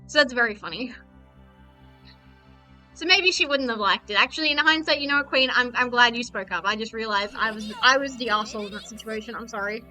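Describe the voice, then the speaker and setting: A chatty woman streamer talks casually over her game, swearing freely and joking at her own expense. Her voice is high and very bright, and soft music plays in the background. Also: brisk, poor audio. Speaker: VTuber streamer.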